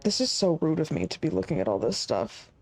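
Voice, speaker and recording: A woman's voice: low-pitched, sing-song, brisk, darkish tone, faint music behind. A woman streaming a game live, chatting casually and thinking aloud as she works through puzzles.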